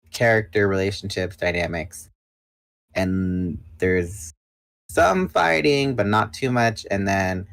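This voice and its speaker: A man's voice: fairly low pitch, a bit bright, no room sound, low-quality recording. A man in his twenties, chatting casually and bluntly as a guest on a livestream. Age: 20s. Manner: blunt, self-assured talker. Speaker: podcast guest.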